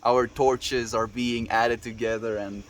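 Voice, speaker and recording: Man streamer, mid pitch, earnest and affectionate, casual live chat, faint insects chirping behind. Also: level tone, slow pace, slight background noise. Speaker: livestreamer.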